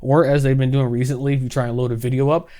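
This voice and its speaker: A young man ranting sarcastically in casual commentary, exaggerated and quick to laugh. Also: mid-range voice, flat delivery, dark tone. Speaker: gaming commentary youtuber.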